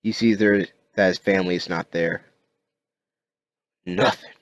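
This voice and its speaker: A man narrating a comic story aloud as an amateur reader, halting with frequent restarts and fillers. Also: low-pitched, steady tone, dry recording.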